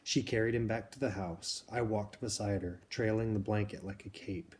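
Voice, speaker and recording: Reading a novel aloud, a man with a fairly low voice keeps a calm, even pace and sometimes breaks off to give simple explanations. Soft background noise lies under his speech.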